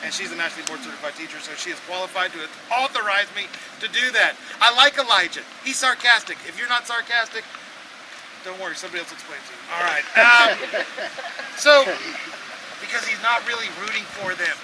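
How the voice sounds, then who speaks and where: A man preaching an outdoor sermon, telling the story in an animated, sarcastic way and acting out voices. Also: high voice, fairly quick. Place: outdoors at a campsite. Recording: windy outdoor noise.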